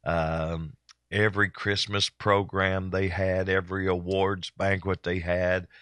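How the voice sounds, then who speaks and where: An older man with a drawl hosts a homespun church broadcast, his voice sitting very low. He rambles along easily, stopping often on fillers and restarts. The sound is dry and close, with no room around it. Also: level tone, fairly bright tone, no echo. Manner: folksy, rambling with many pauses and fillers. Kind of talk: casual chat.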